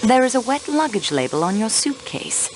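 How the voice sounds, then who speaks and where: An actress playing a young railway clerk turned investigator in a mystery video game, polite but insistent in questioning. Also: female voice, a little high, big pitch swings, moderate pace, slight background noise, low-quality recording. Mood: poised, probing. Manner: poised, probing, politely insistent.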